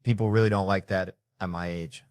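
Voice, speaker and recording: Man, 40s, stand-up comedian, low voice, rambling crude storytelling, dry sound. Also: fairly even intonation, a little fast, a little mellow, no echo. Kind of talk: stand-up routine. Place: comedy stage before a live audience.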